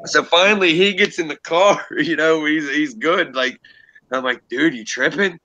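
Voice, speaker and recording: A young man hosting a casual livestream, telling a rambling story full of swearing and laughter. His voice is very bright and forward, and it sounds dry and close, with almost no room around it. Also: fairly high pitch, normal speed, no room sound, muffled recording. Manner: animated, profane storytelling with laughs. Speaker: livestream host.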